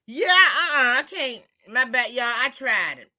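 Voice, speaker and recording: A woman's voice: high voice, unhurried. A woman chatting casually as a host, telling stories and acting out quoted exchanges. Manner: chatty, storytelling, animated retelling with quoted dialogue. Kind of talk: casual chat.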